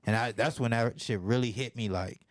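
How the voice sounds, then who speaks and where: A young man in casual podcast chat, telling a profane story and jumping into lively voices when he quotes people. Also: mid-range voice, a little fast, dry recording, clean studio sound. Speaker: podcast host.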